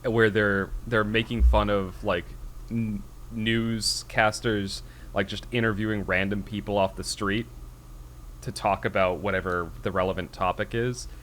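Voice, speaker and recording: A man's voice: fairly low pitch, steady tone, unhurried, fairly bright tone, slight background noise. A man co-hosting a casual podcast chat, rambling and self-deprecating, laughing often. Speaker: podcast co-host.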